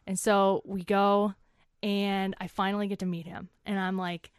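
A woman's voice: mid-range voice, flat delivery, unhurried, clear, resonant tone, no room sound, clean studio sound. A woman in her twenties, an interview guest, animatedly telling a chatty story and acting out what people said.

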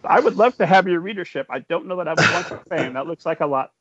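A man's voice: a little high, lively intonation, quick pace, fairly bright tone, a little hiss or hum. A man hosting an interview podcast, enthusiastic and chatty. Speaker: podcast host. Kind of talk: casual interview chat. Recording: dry close sound, dull lo-fi audio.

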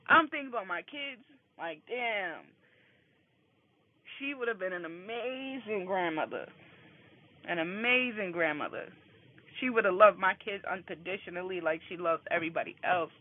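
A man's voice: high-pitched, no room sound. A man hosting a casual motivational morning talk, candid and emphatic, swearing freely, speaking from his car on the way to work. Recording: phone-like line with faint road noise.

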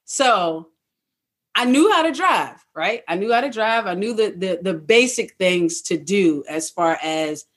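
Animated storyteller with chatty fillers. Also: medium pitch, measured pace. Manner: animated, acts out own past thoughts in quotes; frequent "you know what I mean" fillers. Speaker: guest, truck owner-operator. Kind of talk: casual interview storytelling.

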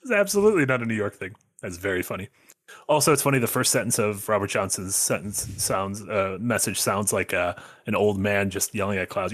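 A man co-hosting a casual podcast chat, reacting in a quick, animated way. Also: on the low side, no echo, clean studio sound. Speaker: podcast co-host.

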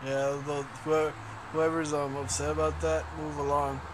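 A young man chats casually and profanely, laughing often and trailing off mid-sentence. His voice is a little high for a man. A faint hiss sits behind him. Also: flat delivery. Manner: profane, laughing, halting restarts. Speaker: podcast co-host. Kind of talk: casual chat.

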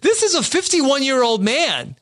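Brief: podcast co-host, a man with a high, very lively voice, dry close sound, halting delivery. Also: dry recording. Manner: halting, restarts with many uh's, laughs easily. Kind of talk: casual podcast chat.

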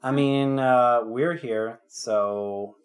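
A woman's voice: extremely low pitch, drawn-out words. A woman co-hosting a podcast in casual chat, teasing and laughing. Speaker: podcast co-host.

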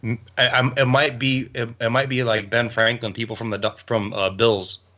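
A man's voice: mid-range voice, flat delivery, moderate pace, sharp tone. A man co-hosting a podcast, talking bluntly and swearing in casual chat. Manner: blunt, profane. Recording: dull lo-fi sound.

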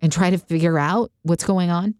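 Low-voiced woman retelling a story. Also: normal speed, dry recording, studio quality. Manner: animated storytelling, acts out quotes. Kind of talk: casual faith discussion.

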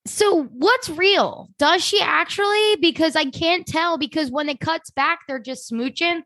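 A woman's voice: very high voice, measured pace, bright, forceful tone, no room sound. A woman co-hosting a casual TV recap podcast, gushing and enthusiastic. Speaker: podcast co-host.

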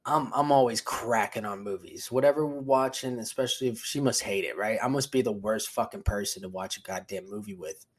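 A young man hosting a podcast alone, telling rambling, profane, laid-back stories in casual talk. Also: medium pitch. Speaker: podcast host. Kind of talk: casual solo podcast monologue.

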